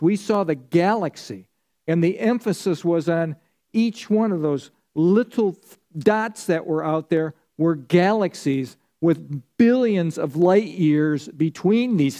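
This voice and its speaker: Mellow-voiced man teaching a Bible study. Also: on the high side. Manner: conversational teaching, asks the class questions and answers them. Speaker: pastor. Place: church.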